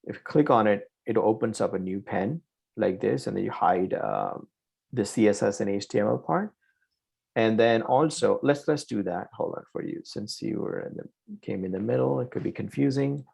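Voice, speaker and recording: Male coding instructor with a low, gravelly voice; talks through each step and keeps checking in with "right?". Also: sing-song, moderate pace, a little mellow. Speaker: programming instructor. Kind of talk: live online coding lesson.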